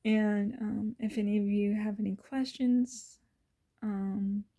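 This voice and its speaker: A woman's voice: mid-range voice, steady tone, slow, dark tone. A woman vlogger telling personal stories in an earnest, emotional way, often dropping to a whisper. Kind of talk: casual personal storytelling.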